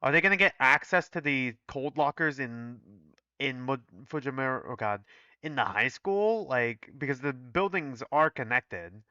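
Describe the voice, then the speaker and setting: A man's voice: medium pitch, expressive, moderate pace, sharp tone, smooth, no echo, dull audio. A man reading through a fan game and commenting casually, thinking aloud with some swearing.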